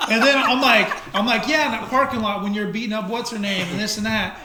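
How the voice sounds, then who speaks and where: A man in casual chat, telling a heated story in an animated, profane way. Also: high-pitched, brisk, crowd noise. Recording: echoey room, faint noise.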